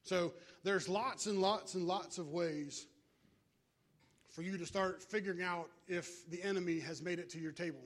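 Man, pastor, high voice, relaxed conversational sermon, call-and-response. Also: moderate pace.

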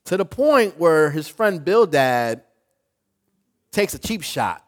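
A man preaching a sermon as pastor, talking in a conversational, animated way with playful asides. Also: fairly high pitch, slow pace.

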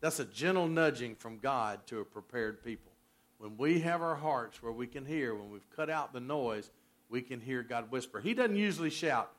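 A man preaching a sermon as pastor, folksy, swinging from loud emphasis to soft near-whispers. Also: medium pitch.

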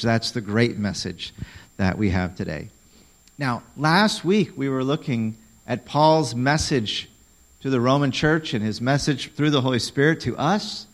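A man's voice: medium pitch, low-quality recording. A man preaching a sermon in a conversational, emphatic way, often asking the congregation questions. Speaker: pastor.

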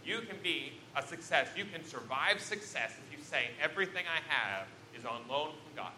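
A man preaching a sermon to his congregation, telling Bible stories with big swings between loud and soft. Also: fairly high pitch, normal speed, slight background noise. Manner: animated storytelling with sharp swings in loudness. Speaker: pastor. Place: church sanctuary. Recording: roomy church echo.

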